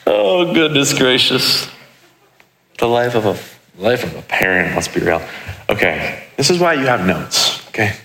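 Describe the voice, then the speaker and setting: Joking young preacher in an echoey hall. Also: male voice, lowish voice, lively intonation, normal speed, sharp tone, a little hiss or hum. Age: 20s. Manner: casual, joking, with restarts. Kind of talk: sermon with personal stories.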